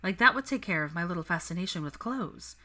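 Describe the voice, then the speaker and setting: A woman's voice: on the low side, lively intonation, quick pace, pushed and bright. A woman doing a defiant young witch. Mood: frustrated. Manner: crisp, frustrated, determined. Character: young female witch, refined yet defiant, headstrong.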